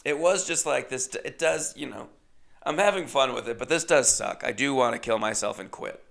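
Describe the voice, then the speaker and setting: A man's voice: medium pitch, normal speed, gravelly, a bit bright. A man hosting a podcast, telling a comedic story in a wry, self-deprecating way. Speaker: podcast host.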